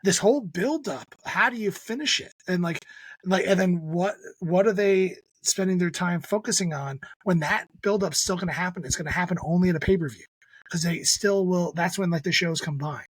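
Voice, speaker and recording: A man co-hosting a podcast, talking sports and wrestling in a lively, joking way. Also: sits high, moderate pace, breathy edge, no echo. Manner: animated, jokey wrestling fan talk. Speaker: podcast co-host. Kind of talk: casual chat.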